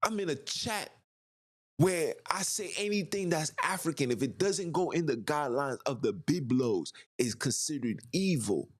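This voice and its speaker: A man's voice: fairly high pitch, expressive, moderate pace. Male host, impassioned solo rant with a widely swinging delivery. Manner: ranting, emphatic, rhetorical questions. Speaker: podcast host. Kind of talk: impassioned monologue.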